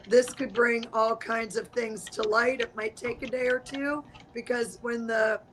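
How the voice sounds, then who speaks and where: A woman's voice: on the high side, steady tone, a little slow, a bit bright, a little hiss or hum, low-quality recording. A woman guest explaining astrology in a rambling, conversational way over a video call. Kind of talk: casual livestream chat.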